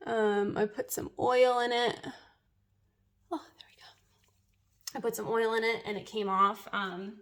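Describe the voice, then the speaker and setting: A woman's voice: fairly high pitch, steady tone, moderate pace, few pauses. A young woman, a waxing professional, giving a casual tutorial in a chatty, nervous way, laughing often. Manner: drops to a whisper while waxing herself.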